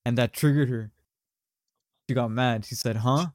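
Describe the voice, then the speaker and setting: A man's voice: mid-range voice, steady tone, moderate pace, a little mellow, no room sound, studio quality. A young man hosting a podcast, telling a story in casual chat with lots of slang and fillers. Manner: rambling, slangy, many fillers. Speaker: podcast host.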